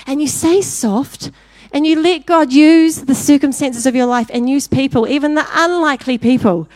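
A woman preaching a sermon, telling a story with lively acted-out voices before turning to direct exhortation. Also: high voice, no echo. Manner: animated storyteller, acting out voices in anecdotes.

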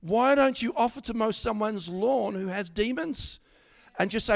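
Middle-aged male preacher, high-pitched, animated sermon delivery with stammered restarts. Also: normal speed, gravelly. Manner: animated, swings from loud exhortation to quiet asides, stammering restarts.

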